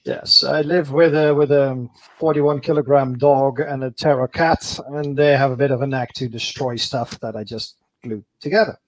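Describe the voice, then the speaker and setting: A man who is a guest on a casual livestream chat, talking in a relaxed, wry and easygoing way. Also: mid-range voice, moderate pace, hardly any pauses, low-quality recording. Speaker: guest hobbyist.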